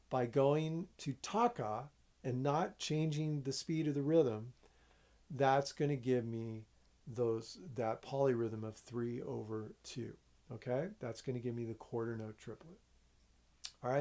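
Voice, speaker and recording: A man's voice: medium pitch, mellow. A man teaching a music lesson, explaining rhythm step by step, counting aloud and checking in with his students.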